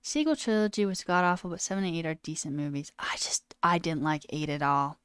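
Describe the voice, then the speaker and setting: A woman streamer ranting in a casual, animated way, swearing and mocking voices in quotes. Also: deep voice, brisk, clean tone, no room sound, clean studio sound. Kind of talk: casual live-stream rant. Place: home room.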